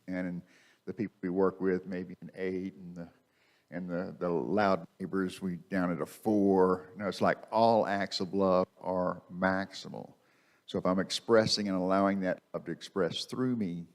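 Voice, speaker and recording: Conversational preacher, low voice. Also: male voice, a little mellow. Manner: conversational, repeats phrases for emphasis. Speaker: minister. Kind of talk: sermon. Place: church sanctuary. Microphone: microphone.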